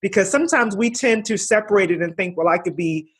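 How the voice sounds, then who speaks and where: Woman host, husky, mid-pitched voice, encouraging, conversational. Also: fast talker. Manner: affirming, encouraging, with frequent small laughs. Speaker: podcast host. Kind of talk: conversational interview.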